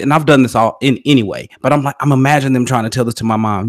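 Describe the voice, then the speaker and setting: A man in casual podcast chat, telling animated anecdotes and laughing along. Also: medium pitch, racing. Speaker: podcast co-host. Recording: dry close sound.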